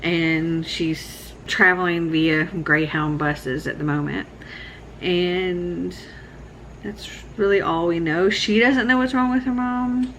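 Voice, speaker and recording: Sleepy, slow-talking woman vlogger. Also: lowish voice, slight background noise, rough recording. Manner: relaxed, rambling, laughs often. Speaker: book vlogger. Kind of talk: casual vlog check-in.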